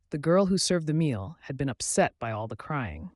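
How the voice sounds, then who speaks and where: Brief: male audiobook narrator, measured and lively, close dry studio mic. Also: on the high side, no echo.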